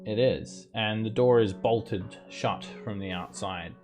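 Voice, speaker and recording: A man's voice: fairly low pitch, slow pace, darkish tone, faint music behind. A man narrating a tabletop game as dungeon master, describing rooms and ruling on what the players try.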